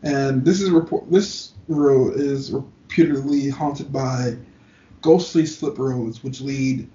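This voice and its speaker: A man's voice: medium pitch, takes it slowly, warm tone. A man co-hosting a casual podcast, reading spooky road legends in an easygoing, teasing way. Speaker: podcast co-host. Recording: roomy, distant, dull lo-fi.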